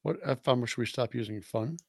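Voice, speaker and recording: A man's voice: mid-range voice, moderate pace, darkish tone, slightly rough, dry recording. A man co-hosting a casual podcast, tossing in short, wry interjections.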